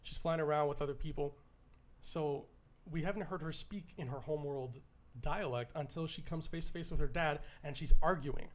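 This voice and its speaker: A man's voice: fairly high pitch, moderate pace. A Canadian man co-hosting a podcast, chatting casually and enthusiastically, often stumbling and restarting his sentences. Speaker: podcast co-host.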